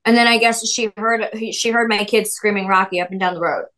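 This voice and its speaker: A woman hosting a casual gossip chat, animated, blunt and swearing freely. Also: mid-range voice, brisk. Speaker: podcast host.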